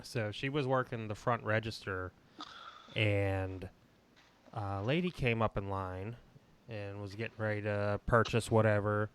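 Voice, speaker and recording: A podcast co-host relating a secondhand story in casual chat, measured and hesitant, with frequent fillers. His voice is low and smooth. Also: fairly even intonation.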